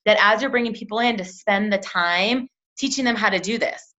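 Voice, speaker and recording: Young woman team coach, bright forceful voice, chatty with lots of "like", muffled lo-fi recording. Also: medium pitch, fairly quick. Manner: chatty, lots of "like", acts out quotes in lively voices. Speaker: team leader training a sales team. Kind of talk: casual coaching talk. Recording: dull lo-fi sound.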